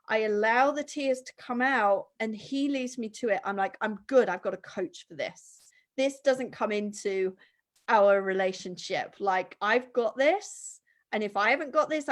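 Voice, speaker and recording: A woman chatting as a guest, animated and acting out the voices of people she quotes. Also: fairly high pitch. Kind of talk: casual conversation.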